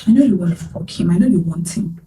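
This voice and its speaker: A woman's voice: lowish voice, animated, quick pace, warm tone, a little hiss or hum, natural voice. A woman voicing a boastful, jealous young woman friend who taunts with repeated questions, recorded in an echoey room away from the mic. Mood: accusing. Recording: roomy echo, distant from mic, faint ambience.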